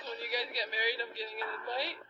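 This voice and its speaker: High teasing woman over loud music. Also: steady tone, fast talker, lo-fi sound. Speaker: friend in a clip. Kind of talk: casual chat. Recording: clip with loud music behind.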